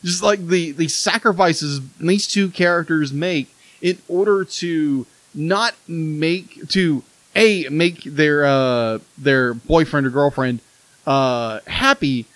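Easygoing man with a halting, laugh-prone voice. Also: fairly high pitch, a bit bright, no room sound, low-quality recording. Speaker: podcast co-host. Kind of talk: casual review chat.

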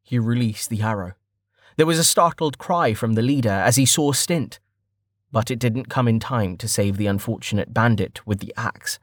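A man's voice: on the low side, moderate pace, no echo. Man narrating an audiobook, dry sound. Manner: steady storytelling. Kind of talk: scripted narration.

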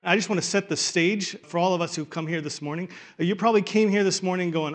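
A man's voice: high voice, fairly quick, hardly any pauses. A male pastor preaching a sermon to a church congregation, conversational and then building to emphatic points.

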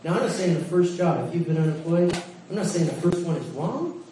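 Animated high-voiced preacher, echoey hall. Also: male voice, fairly quick. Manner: animated, jokey storytelling, laughs often. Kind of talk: sermon. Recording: echoey hall, distant mic, faint hiss.

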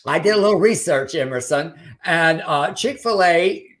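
Older guy co-hosting a podcast, high voice, bright and animated, mocks the quotes he reads. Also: moderate pace. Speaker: podcast co-host. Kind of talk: casual news chat.

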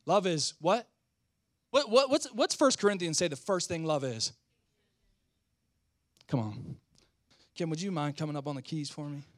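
High-voiced animated male pastor. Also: normal speed, long pauses, dry recording, clean studio sound. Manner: animated, swings between shouting and quiet; talks back and forth with the congregation. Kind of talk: sermon.

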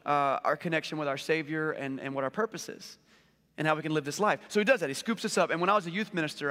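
A man in his forties preaching a conversational sermon, telling stories with lively rhetorical questions. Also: on the high side. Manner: animated storytelling with rhetorical questions. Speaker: pastor. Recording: long hall reverb.

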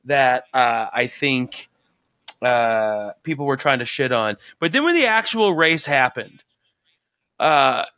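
A man co-hosting a podcast in casual chat, excitable and profane, rambling with lots of fillers. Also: mid-range voice, slow pace, no room sound. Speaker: podcast co-host.

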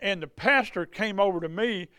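A man's voice: high voice, moderate pace, bright, forceful tone, smooth, no room sound, clean studio sound. A man telling healing testimonies from the pulpit, folksy and conversational. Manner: folksy, conversational, repeats and restarts. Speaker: revival preacher. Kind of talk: testimony storytelling sermon.

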